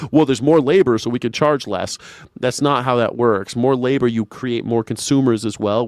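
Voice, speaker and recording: A man's voice: lowish voice, no room sound, studio quality. A man in his forties hosting a casual livestream, sarcastic and rambling as he argues with his chat from home. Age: 40s. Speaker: streamer host. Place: home in Southern California.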